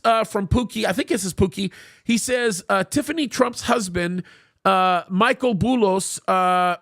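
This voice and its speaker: A middle-aged man hosts a live talk show, and his voice sits unusually high with a gravelly edge. He speaks emphatically, doubling up words at the start of his sentences as he tells stories and explains his views. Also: a bit bright. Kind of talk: live commentary and storytelling.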